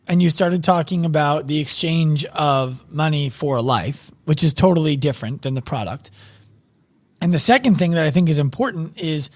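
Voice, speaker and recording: A podcast host with a somewhat high male voice asks questions and sums up what his guest says. His tone stays conversational and thoughtful. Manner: sums up and reflects on the guest's points. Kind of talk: casual interview.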